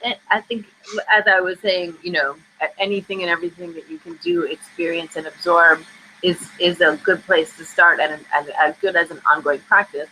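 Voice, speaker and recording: Bright, candid woman on a video call. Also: on the low side, steady tone, normal speed, a little hiss or hum, rough recording. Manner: candid, chatty storyteller. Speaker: screenwriter guest. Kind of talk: casual interview answers.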